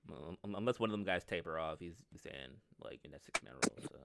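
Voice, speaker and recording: A man's voice: sits low, lively intonation, fast talker, gravelly, crowd noise. A man co-hosting a podcast, chatting casually about basketball in a loose, rambling way and laughing often. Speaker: podcast co-host. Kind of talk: casual sports chat.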